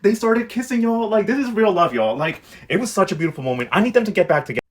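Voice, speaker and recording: Fast-talking sassy husky man. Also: high voice, animated. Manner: sassy, slangy, addresses viewers as y'all. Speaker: telenovela recap vlogger. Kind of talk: casual recap commentary.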